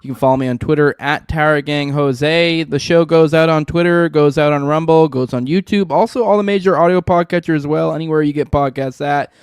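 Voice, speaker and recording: A man's voice: fairly high pitch, brisk, hardly any pauses, clean tone, no echo, clean studio sound. A man hosting a podcast, tired and sniffly, easygoing as he chats and plugs the show. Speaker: podcast host. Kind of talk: casual chat and show sign-off.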